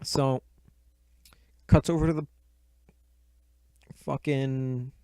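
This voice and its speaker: A man's voice: medium pitch, fairly even intonation, drawn-out words, warm tone, clean tone, dry recording. A man giving a casual recap of a book and movie, swearing constantly with sardonic, rambling asides.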